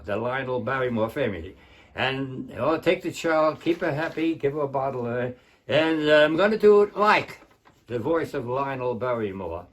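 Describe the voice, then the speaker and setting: Rambling older male comedian, husky. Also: medium pitch. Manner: rambling, chatty, self-interrupting. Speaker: open mic comedian and impressionist. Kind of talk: open mic patter. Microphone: home webcam.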